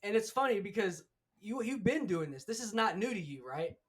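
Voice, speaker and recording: A man's voice: high voice, animated, moderate pace. A man hosting a casual sports interview, talking enthusiastically with plenty of fillers. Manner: enthusiastic, loose, many fillers. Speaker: host.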